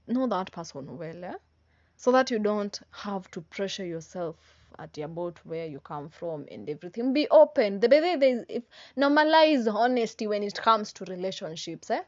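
A woman's voice: medium pitch, expressive, normal speed, darkish tone, no room sound. A young woman in her twenties with a Kenyan accent, giving a casual motivational monologue, emphatic and repetitive, with slang and tag questions. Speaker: vlogger. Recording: dry, slightly dull sound.

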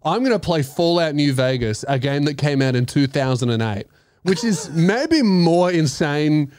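Animated Australian man telling a story. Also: fairly high pitch, normal speed, no room sound, clean studio sound. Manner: swearing, animated, laughing through the story, acting out his own voice. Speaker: podcast host. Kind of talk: casual storytelling chat.

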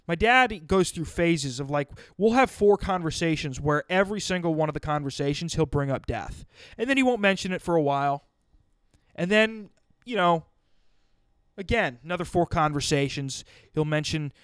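A man's voice: on the high side, smooth, no room sound, clean studio sound. A man telling a funny story in a loose monologue, casually swearing and acting out the people he quotes. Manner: animated, acts out quoted voices, swears casually.

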